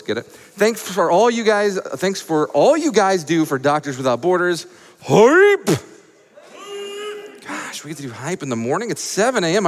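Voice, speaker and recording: A man from Atlanta hosting a live charity gaming event, reading donations with playful, high-energy hype and jokes. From Atlanta, USA. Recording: echoey event hall.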